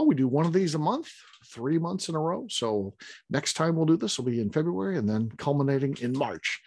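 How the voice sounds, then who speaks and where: Chatty husky man announcing tasting scores. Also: fairly high pitch, big pitch swings, moderate pace, no echo. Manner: chatty, repeats phrases, filler-heavy. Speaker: host of a whiskey tasting. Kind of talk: casual results announcement.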